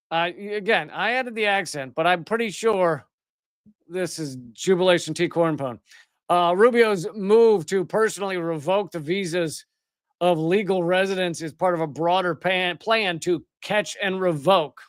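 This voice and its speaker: A man's voice: high-pitched, normal speed, clear, resonant tone, dry recording, clean studio sound. A man hosting a live political commentary show, ranting with biting sarcasm. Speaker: host.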